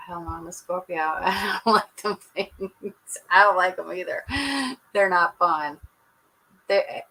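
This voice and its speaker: Chatty woman host, bright clear voice, casual home livestream from a computer mic. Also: lowish voice, rough recording. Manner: chatty, laughs often, Southern "y'all". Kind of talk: casual livestream chat with viewers. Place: at home indoors. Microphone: computer webcam mic.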